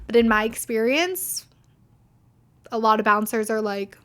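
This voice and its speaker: A young woman talks straight to her podcast listeners in a casual, unscripted monologue. Her voice sits a little high, and she is blunt and indignant, cursing freely and filling her sentences with "like". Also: a little slow, long pauses, fairly bright tone. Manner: blunt, heavy swearing, frequent "like"; indignant, venting. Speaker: podcast host.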